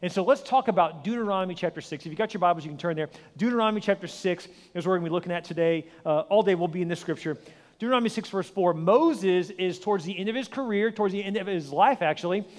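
Male pastor, forties, quick high voice, joking sermon in a reverberant church. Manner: energetic storytelling with acted voices and self-deprecating humor. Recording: long hall reverb.

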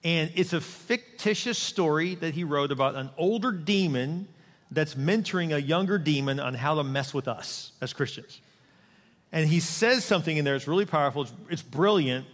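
Male pastor, sermon, conversational and joking, slightly high voice, long echo of a big sanctuary. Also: lively intonation, moderate pace, fairly bright tone. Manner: conversational, humorous, asks the congregation questions. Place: church sanctuary.

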